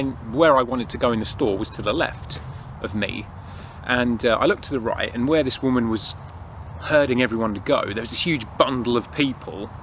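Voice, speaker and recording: A young man with a medium-pitched, fairly bright voice chats casually outdoors at a winter woodland camp, rambling through stories as an outdoor vlogger. There's a little hiss or hum in the audio.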